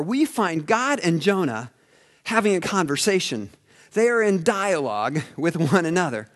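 A man preaching a sermon as a pastor, swinging between loud emphasis and hushed asides. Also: high-pitched.

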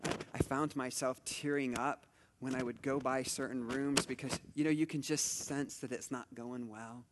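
A middle-aged pastor preaches a conversational sermon, telling stories in a chatty way with many asides and restarts. His mid-range voice keeps a steady tone at a moderate pace, and the recording has a long reverb tail and background noise.

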